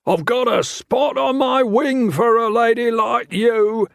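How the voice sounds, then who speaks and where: A man voicing a brash, leering one-eyed male veteran soldier with a loud bellowing delivery in an audiobook. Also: extremely high pitch, slow pace, gravelly, dry recording, studio quality, pitched above the performer's own voice, full character voice.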